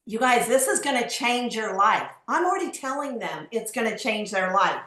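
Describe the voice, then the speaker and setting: A woman with a fairly high voice gives enthusiastic sales advice, upbeat and full of evangelical phrasing. Her voice has a roomy sound, as over a video call. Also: expressive, moderate pace, pushed and bright. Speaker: guest on a team call.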